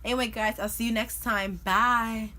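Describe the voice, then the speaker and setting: A young woman vlogger telling a funny personal story in an animated, chatty way, full of "like" and "you know". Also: fairly high pitch, normal speed, a little hiss or hum. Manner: animated, chatty, filler-heavy with lots of "like". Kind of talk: casual storytime.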